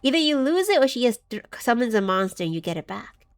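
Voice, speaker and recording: A woman's voice: a little high, sing-song, fast. A woman streaming a game live, chatting casually and reading chat aloud, scattered and giggly as she loses her train of thought.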